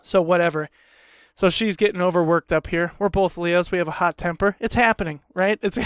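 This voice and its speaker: A man's voice: high voice, a little fast, smooth, dry recording, clean studio sound. A man hosting a podcast, ranting heatedly in a casual, profane way and repeating himself. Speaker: podcast host.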